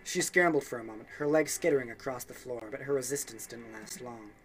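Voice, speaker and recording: A man's voice: medium pitch, steady tone, a little fast. A young man reading a game's story text aloud for a let's play, with offhand asides and small slips.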